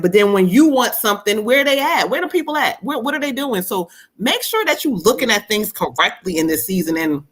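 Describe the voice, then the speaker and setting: A woman reads tarot live on a stream, talking to a viewer. Her voice is bright and ringing. She is animated and laughs often, and slips into a sassy voice when she quotes spirits. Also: on the low side, slightly rough. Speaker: psychic medium giving readings.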